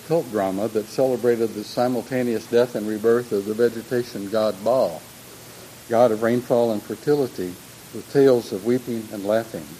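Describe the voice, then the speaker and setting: An older man with a medium-pitched, warm voice gives a reflective, lecture-style talk on humor and religion, often restarting sentences and adding personal asides. The low-quality recording carries a slight hiss or hum.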